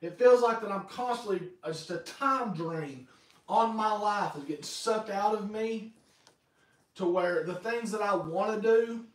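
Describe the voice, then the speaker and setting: A man preaching a sermon as pastor, telling stories in a lively way and acting out quotes. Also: high voice, a little slow. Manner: lively, animated storytelling with acted-out quotes. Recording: echoey hall, voice from far off.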